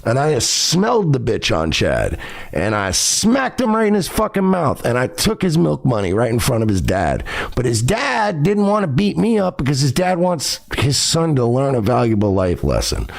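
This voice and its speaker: A man's voice: medium pitch, huge pitch swings, moderate pace, creaky. A man hosting a podcast, delivering a profane, confrontational ranting monologue. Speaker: podcast host.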